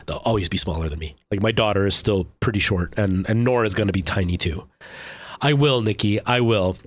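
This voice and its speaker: A man in his thirties chats loosely with his stream viewers, rambling with lots of "um" and restarts. His voice sits a little low and is recorded close and dry, with no room sound. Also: brisk, no echo. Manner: rambling, chatty, many fillers and restarts. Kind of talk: casual chat with live chat.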